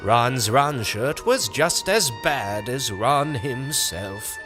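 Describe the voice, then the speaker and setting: A man narrating a comic nonsense story with a slow, deadpan delivery. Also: mid-range voice, music in the background. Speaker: audiobook narrator.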